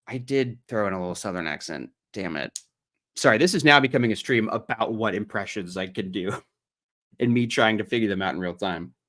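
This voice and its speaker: Man, Ohio accent, livestream commentary, sarcastic, mocking, animated pitch. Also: brisk. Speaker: streamer.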